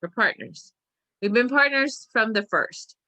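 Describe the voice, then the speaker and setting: A woman voicing an earnest, secretive young boy who speaks gravely and pleads with his uncle. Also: fairly high pitch, animated, measured pace, pushed and bright, dry recording, voice pushed up.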